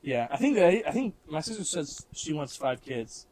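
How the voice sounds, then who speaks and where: A young adult man from Missouri in the American Midwest co-hosts a casual podcast chat, rambling with lots of "like," restarting sentences, and laughing often. His voice is a little high and a little mellow, very animated, at a moderate pace.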